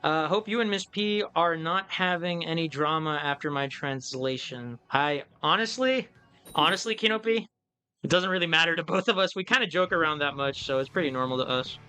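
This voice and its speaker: A man chatting through a live game stream, thinking aloud and amusing himself as he goes. His voice is bright and forward, set fairly high for a man. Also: a little fast, clean tone, faint music behind. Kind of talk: casual live-stream commentary.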